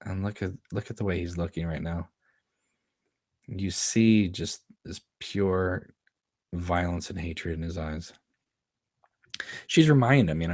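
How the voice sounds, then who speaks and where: Male host, very low pitch, dry close-mic sound, relaxed chatty commentary with frequent laughs. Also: normal speed, slightly rough, dry recording. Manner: chatty, laughs often, quotes lines from the scene. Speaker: show host commenting on an episode. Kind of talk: casual watchalong commentary.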